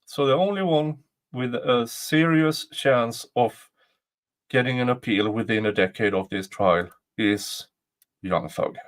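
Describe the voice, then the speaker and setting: Commenting on a trial in a casual livestream, this male host reads aloud and keeps laughing at his own quips. He speaks unhurriedly in a mid-range voice, sprinkling in jokey remarks.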